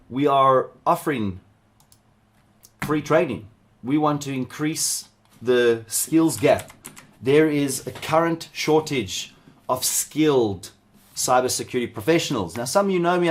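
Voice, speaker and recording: A middle-aged man from South Africa leading a live cybersecurity workshop, chatting loosely with viewers and wandering into asides as he teaches. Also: fairly high pitch. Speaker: cybersecurity instructor.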